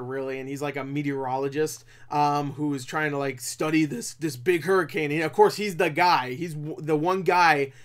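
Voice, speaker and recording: A man's voice: a little high, fairly bright tone. A man with a slightly raised voice rambles through a casual film review. He swears freely, breaks into laughter and keeps tripping over his words and starting again. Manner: rambling, profane, laughs often; frequent restarts and stammers. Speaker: movie reviewer.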